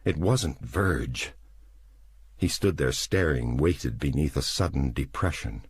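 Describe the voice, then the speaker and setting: A man narrating a novel as an audiobook in a slow, deliberate, dramatic reading. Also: a bass voice, lively intonation, slightly rough, no echo, clean studio sound. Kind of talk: scripted narration.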